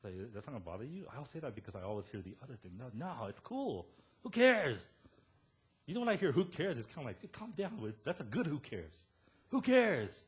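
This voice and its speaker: Husky-voiced pastor telling stories. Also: male voice, medium pitch, quick pace, few pauses. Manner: animated storytelling, quoting others. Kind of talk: sermon.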